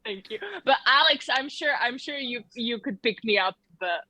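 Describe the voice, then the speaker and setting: A woman's voice: fairly high pitch, normal speed, sharp tone, no room sound, low-quality recording. A woman speaking as a guest on a casual panel chat, hesitant, with many fillers and restarts.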